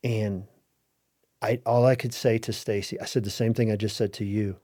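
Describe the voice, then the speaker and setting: A man's voice: lowish voice, level tone, normal speed, dark tone. A middle-aged man telling a personal story as an interview guest, earnest and heartfelt, often restarting his sentences.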